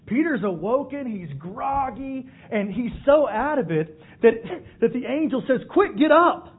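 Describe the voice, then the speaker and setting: Guy preaching a sermon, animated storyteller, sounds like a phone line. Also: extremely high pitch, unhurried, breathy edge. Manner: animated storytelling, acts out voices. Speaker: pastor. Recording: phone-like narrow band.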